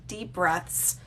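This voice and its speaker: A woman's voice: pushed and bright, a little hiss or hum. A woman hosting a casual livestream, chatting and gushing as she reads viewer comments aloud. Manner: chatty and gushing, with frequent fillers. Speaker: crochet designer hosting a livestream. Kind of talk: casual live-stream chat, reading viewer comments aloud.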